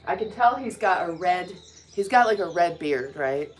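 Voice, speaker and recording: A woman's voice: fairly low pitch, expressive, normal speed, slight background noise. A woman vlogging in a casual morning chat, joking and talking to her dogs. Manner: chatty, joking asides, talks to her dogs. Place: indoors by a window, birds outside. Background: birdsong.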